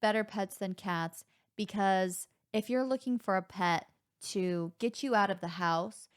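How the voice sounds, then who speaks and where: Animated young woman in casual chat. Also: mid-range voice, a little slow, smooth. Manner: animated, acts out scenes with sudden yelps. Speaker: podcast guest and co-host of another podcast.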